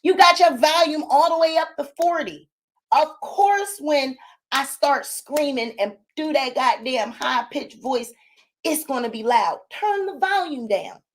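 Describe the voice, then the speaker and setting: A woman hosting her own channel, chatting casually and sassily to viewers and her dog in a loud, high-pitched voice. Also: unhurried. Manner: animated, sassy, talks to her dog and chat. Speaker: channel host.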